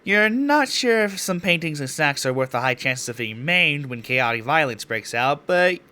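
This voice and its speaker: A man's voice: a little high, expressive, normal speed, bright, forceful tone, clean tone. A man reading a visual novel aloud as a let's play host, breaking off for casual, self-deprecating asides with free swearing.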